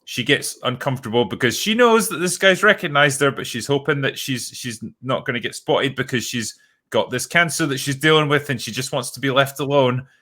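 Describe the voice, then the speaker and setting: A man co-hosting a casual film discussion, sweary, laying out alternate scenes like a writer's pitch. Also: a little fast, pushed and bright. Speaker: podcast co-host.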